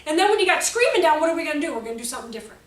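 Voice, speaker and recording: High-voiced chatty woman teaching a workshop. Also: rapid-fire. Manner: animated, chatty, acts out kids' outbursts. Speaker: teacher trainer. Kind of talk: workshop talk to educators. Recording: echoey room, voice from a distance.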